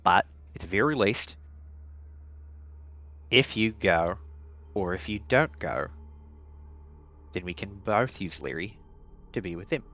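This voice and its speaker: A man's voice: low voice, expressive, takes it slowly, pauses often, sharp tone, dull audio, voice pushed down, full character voice. A man voicing a nervous, earnest young hacker who rambles and hesitates, in a tabletop game. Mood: apologetic.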